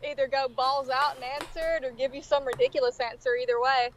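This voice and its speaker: A woman joins a live stream as a guest, talking casually and bluntly, often laughing. Her voice sits high. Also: flat delivery, a little fast, a little hiss or hum, poor audio.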